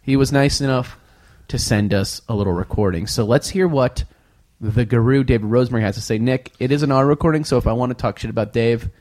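A man hosts a podcast in casual banter, cursing freely as he tells animated stories. His voice sits at an everyday middle pitch. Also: quick pace. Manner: profane, animated storyteller. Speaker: podcast host.

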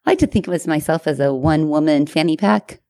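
A woman co-hosting a casual podcast, relaxed and slangy, laughing often. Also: deep voice, fast, dry recording. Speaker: podcast co-host. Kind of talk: casual chat.

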